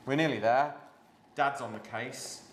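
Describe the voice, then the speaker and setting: A man's voice: mid-range voice, a little slow, reverberant, a little hiss or hum. A man hosting a live cooking class from his home kitchen, chatting and joking with his daughter while he explains each step.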